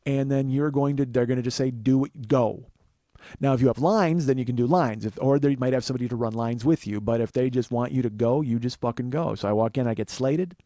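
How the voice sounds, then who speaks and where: Fast-talking profane male storyteller. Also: medium pitch, warm tone, no room sound. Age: 40s. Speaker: podcast host. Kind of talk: storytelling monologue.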